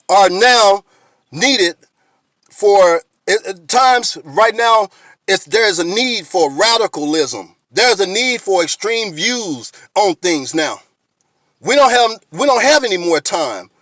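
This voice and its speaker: Fired-up man ranting, high-pitched and dry. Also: a bit bright, dry recording. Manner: blunt, fired-up, profane, keeps repeating "you know what I mean". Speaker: video blogger. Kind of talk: impassioned direct-to-camera rant.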